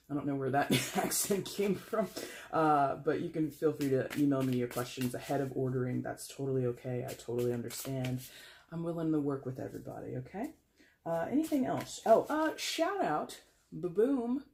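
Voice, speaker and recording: A man's voice: fairly high pitch, vocal fry, a little mellow, a little hiss or hum. A man hosting a casual tarot reading for his viewers, talking in a chatty, rambling way and correcting himself as he goes. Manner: addresses viewers as guys. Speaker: tarot reader.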